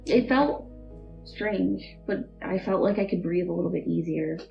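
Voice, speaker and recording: A young woman as an interview guest, telling a painful personal story in a halting way, full of "like" and "um". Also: lowish voice, gravelly. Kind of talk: emotional personal testimony. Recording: dull, muffled recording with faint music.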